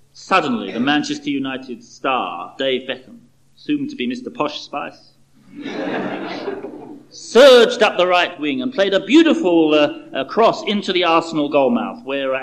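Animated preacher, lively voice. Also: male voice, a little high, low-quality recording. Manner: animated, conversational, rhetorical questions. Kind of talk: sermon with dramatic storytelling.

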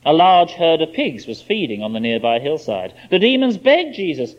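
A man's voice: on the high side, very animated, normal speed, hardly any pauses. A man preaching a sermon, explaining a scripture passage in an emphatic, expository way. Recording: dull lo-fi sermon recording.

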